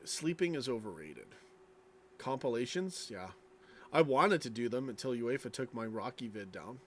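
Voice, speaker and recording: A man's voice: mid-range voice, expressive, moderate pace. A tired man streaming late at night, reading chat and rambling casually, yawning as he talks. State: sleepy, yawning.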